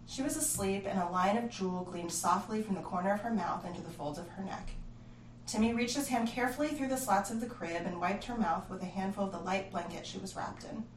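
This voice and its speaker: A woman narrates a creepy horror tale in an expressive, hushed storytelling voice. She sounds roomy and set back from the mic, with faint ambience in the background. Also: medium pitch, fairly quick, far from the mic, slight background noise.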